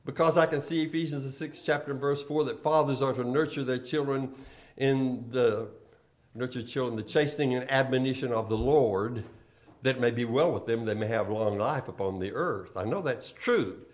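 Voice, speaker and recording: A man's voice: medium pitch, normal speed. Emphatic man preaching a sermon. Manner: rhetorical questions, emphatic rises and drops in volume.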